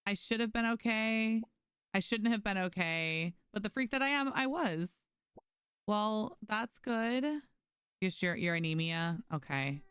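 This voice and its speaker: A young woman streams a game in an unhurried, medium-pitched voice that's clear and resonant. She chats animatedly and casually, reading messages aloud and thanking her viewers. The sound is clean studio audio with no room sound.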